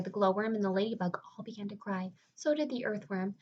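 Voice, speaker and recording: A woman reading a children's book aloud in an expressive storytelling way, sometimes dropping to a hush. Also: medium pitch, a little fast, hardly any pauses, highs cut off. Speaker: reader.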